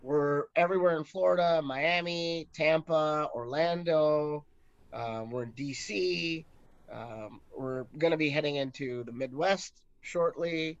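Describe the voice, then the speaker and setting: A man's voice: fairly high pitch, unhurried, clear, resonant tone, no room sound. Hesitant man, dull dry recording. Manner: hesitant, many ums and restarts. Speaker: brewery co-founder guest. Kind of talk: casual interview chat.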